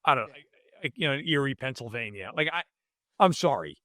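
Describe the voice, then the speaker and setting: A man's voice: medium pitch, expressive, fairly quick, bright, forceful tone, dry recording, clean studio sound. A man co-hosting a podcast, ranting in mock outrage over sports in casual chat. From New York state. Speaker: podcast co-host.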